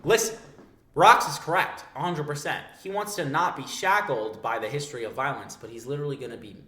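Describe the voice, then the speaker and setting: A man's voice: medium pitch, fairly quick, pushed and bright. A young man hosting a manga breakdown, with hyped, profane, slangy commentary. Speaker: manga breakdown video host. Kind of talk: excited, profane, casual commentary. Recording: echoey room.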